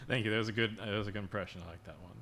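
A man's voice: lowish voice, sharp tone. A man co-hosting a podcast who listens, laughs often and adds wry comments in short reactions. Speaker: podcast co-host. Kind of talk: casual chat, listening and reacting.

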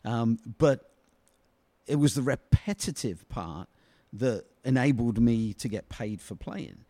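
With an animated, dark-toned, mid-range voice, a middle-aged British man recounts long anecdotes as an interview guest. Once a soccer player, he rambles and leans on "you know" at every turn. The clip has no room sound.

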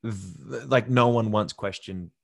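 A man's voice: fairly low pitch, takes it slowly, creaky, no room sound, studio quality. A young man, an actor being interviewed, telling stories casually and acting out what others said. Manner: animated, acts out quotes from others. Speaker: actor guest.

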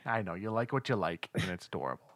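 A man's voice: fairly low pitch, very animated, fast talker, a bit bright, no room sound. A man co-hosting a casual chat about movies, playful and teasing, laughing easily. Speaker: podcast co-host.

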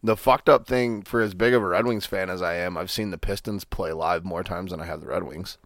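A man's voice: low-pitched, brisk, fairly bright tone, no room sound, studio quality. A man co-hosting a podcast, chatting casually about sports in a rambling, profane, laid-back way. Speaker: podcast co-host.

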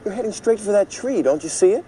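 A man's voice: sits high, animated, quick pace, background noise. An actor playing an overprotective sitcom father, middle-aged, nervous and bossy, giving anxious driving instructions. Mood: fussy. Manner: nervous, bossy, snaps into sudden yelps. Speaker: father teaching his daughter to drive. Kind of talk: sitcom acting.

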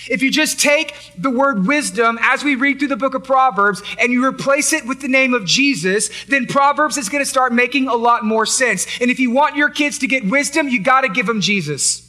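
A man's voice: very high-pitched, moderate pace, bright, forceful tone. A man preaching a sermon to parents, emphatic and repetitive, asking the crowd rhetorical questions. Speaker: pastor.

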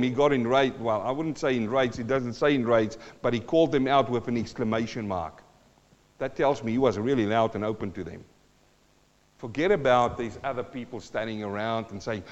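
Emphatic preacher man in a reverberant hall. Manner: emphatic, with big swings in loudness and pitch; wry, teasing asides. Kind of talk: sermon. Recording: long hall reverb, dull lo-fi sound.

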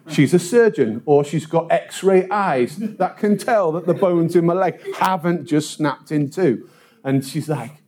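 A man preaching a sermon, telling a story with lively put-on voices of the people in it. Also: on the high side, unhurried. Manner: animated, puts on voices of people in his story.

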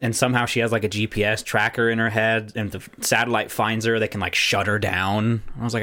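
Laid-back rambling young man, lowish voice. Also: level tone, brisk, hardly any pauses, bright, forceful tone. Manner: rambling, many restarts and fillers. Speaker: podcast co-host. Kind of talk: casual chat.

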